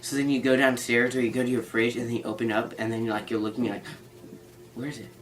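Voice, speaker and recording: A man's voice: medium pitch, fairly even intonation, rapid-fire, low-quality recording. A teenage boy telling a story in a casual vlog, rambling with lots of "like" and a playful tone. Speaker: vlogger.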